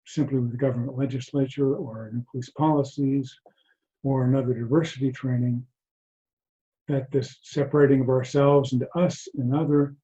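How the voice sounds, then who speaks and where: Male mindfulness teacher, soft and reflective, mid-pitched, muffled video call sound. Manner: soft-spoken, halting, many restarts. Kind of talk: reflective talk to an online group. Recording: dull lo-fi video call audio.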